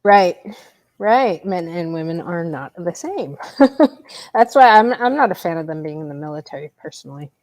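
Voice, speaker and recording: A woman's voice: on the low side, expressive, moderate pace, a little mellow. A woman co-hosting a podcast, chatting casually and giving blunt, opinionated remarks.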